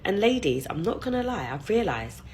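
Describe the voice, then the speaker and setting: Animated woman telling a story. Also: medium pitch, moderate pace, rough recording. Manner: chatty and expressive. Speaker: vlogger. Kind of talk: casual storytelling to camera.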